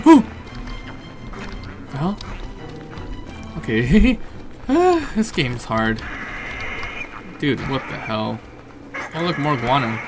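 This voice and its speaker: Excitable man yelling over game music. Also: medium pitch, extremely slow, pauses often. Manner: excitable, yelps and swears at enemies; chatty, thinks aloud about plans. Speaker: gaming commentator. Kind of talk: let's play commentary.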